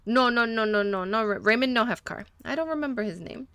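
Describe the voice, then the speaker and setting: A woman's voice: on the high side, animated, fairly bright tone, clean tone, dry recording. A woman voicing a nervous small-town male mechanic in broken English with a mock Spanish accent. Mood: evasive. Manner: broken English, quick denials.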